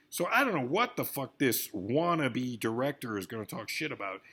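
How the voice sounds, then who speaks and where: A man rants into the camera, rambling and swearing freely as he moves from low grumbling to sudden outbursts. His pitch jumps around a lot, and his mid-range voice keeps bouncing up and down. It is loose, unscripted vlog talk. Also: big pitch swings, moderate pace, hardly any pauses, sharp tone, husky. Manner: profane, rambling, swings between grumbling and outbursts. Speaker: vlogger. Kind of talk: rambling celebrity-news rant.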